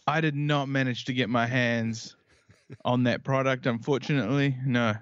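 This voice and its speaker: A man's voice: mid-range voice, steady tone, moderate pace, clean tone, no room sound. Playful New Zealand man on lo-fi audio. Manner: playful, jokey, riffs and repeats himself. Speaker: guest. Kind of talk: casual podcast chat.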